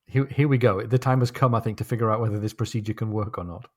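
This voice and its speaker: A man co-hosting a podcast, chatting casually about a novel and reading passages aloud slowly and deliberately. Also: lowish voice, steady tone. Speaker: podcast co-host. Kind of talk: casual book discussion with read-aloud passages.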